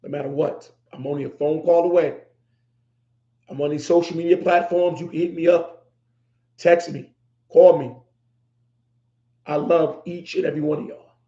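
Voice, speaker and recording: A man's voice: fairly high pitch, fairly even intonation, normal speed, pauses often, mellow. Emotional middle-aged man in an echoey room. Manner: emotional, repeats himself for emphasis. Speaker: podcast host. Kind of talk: heartfelt livestream talk. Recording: echoey room, dull lo-fi sound.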